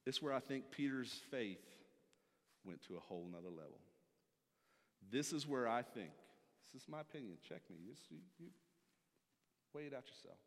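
A man preaching a sermon from a church stage, emphatic, swinging from loud to hushed. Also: medium pitch, expressive, moderate pace, pauses often. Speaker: pastor. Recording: long hall reverb.

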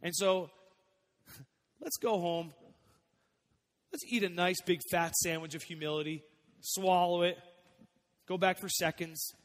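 A man's voice: a little high, fairly even intonation, a little slow, long pauses. Man preaching in a reverberant hall. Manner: conversational preaching, swings between soft and emphatic. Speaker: pastor. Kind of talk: sermon.

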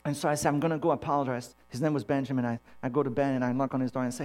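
A man preaching a sermon, telling personal stories in an animated way and acting out the dialogue. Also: mid-range voice, very fast. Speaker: pastor.

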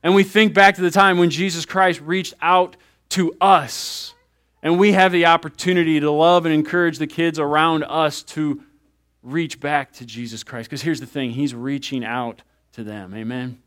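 Pastor guy in his 30s preaching, kinda high voice, acts out little bits as he talks. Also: moderate pace. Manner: animated, conversational preaching with acted asides. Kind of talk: sermon.

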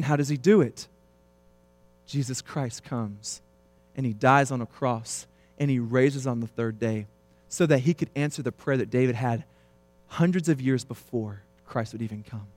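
A man in his thirties preaching a sermon, swinging between quiet, low stretches and loud, emphatic passages. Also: dry recording. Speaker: pastor.

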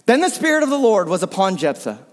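A man preaching a sermon, animated, sometimes dropping to a hushed voice for emphasis. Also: high voice, quick pace, long reverb tail. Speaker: pastor.

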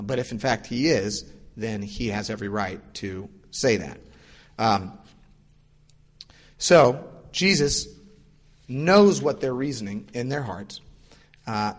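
A male pastor delivers a conversational, explanatory sermon, acting out the voices of people in his stories with lively jumps in pitch. The long reverb of a large hall surrounds his voice.

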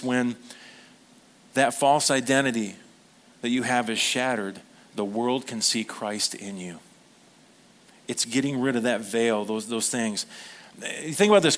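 A man preaching a sermon as pastor, earnest and animated, acting out little quoted voices and turning emotional in places. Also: mid-range voice.

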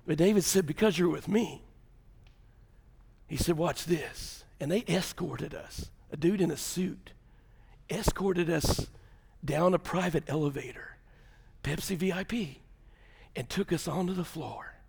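A man, preaching an animated sermon full of comic stories, swinging from shouts to hushed lines. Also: a little high, unhurried, gravelly, pauses often, husky. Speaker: pastor.

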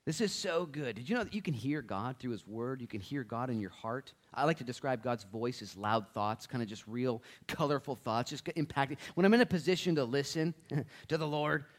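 A man preaching a Bible study sermon as a pastor, animated and joking, swinging from loud to hushed. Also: medium pitch, a little fast.

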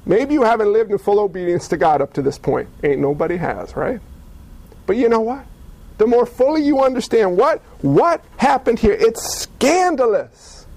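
A man pastor preaching a sermon in an animated, casual way, often acting out little dialogues and using slang. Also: high voice, gravelly.

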